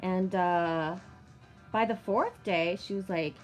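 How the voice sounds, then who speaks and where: A woman's voice: on the low side, slow, faint music behind. A woman in her thirties telling a long personal story in a chatty vlog, swearing freely and using many fillers. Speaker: vlogger. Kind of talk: casual storytelling monologue.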